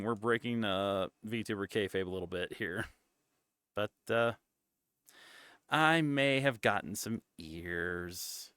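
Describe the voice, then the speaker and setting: A man's voice: lowish voice, a bit bright, clean tone, dry recording, clean studio sound. A man streaming as a VTuber, chatting casually in a playful, teasing way.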